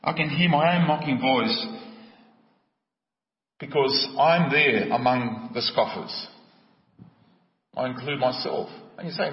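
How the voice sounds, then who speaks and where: A man's voice: mid-range voice, slow, pauses often. A man preaching a sermon, impassioned and driving home his questions. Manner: impassioned, rising to emphatic questions. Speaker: pastor. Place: church hall. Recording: echoey hall, distant mic, dull sound.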